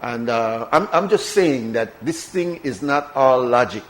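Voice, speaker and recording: Belizean man, radio host, casual chat, emphatic, repeats words for weight, mid pitch. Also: expressive, measured pace, poor audio. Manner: conversational, emphatic with repetition. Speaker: radio talk show host.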